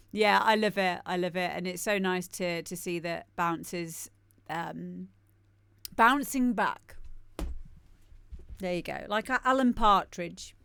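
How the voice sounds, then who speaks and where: A woman's voice: fairly low pitch, measured pace, vocal fry, a bit bright, smooth, no echo. A woman DJ hosting a live-stream show, giving chatty, rambling commentary on the tracks and laughing often. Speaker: DJ and show host.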